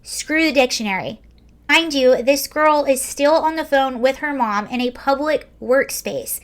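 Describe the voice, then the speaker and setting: A woman's voice: high voice, steady tone, measured pace. A woman in her early forties hosting a casual video, reading a story aloud with wry, sarcastic commentary. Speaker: video host.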